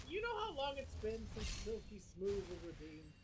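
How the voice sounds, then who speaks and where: Rambling male streamer, slightly high voice. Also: huge pitch swings, normal speed, hardly any pauses, a little hiss or hum, poor audio. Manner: rambling, filler-heavy talk. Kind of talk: casual live game stream chat.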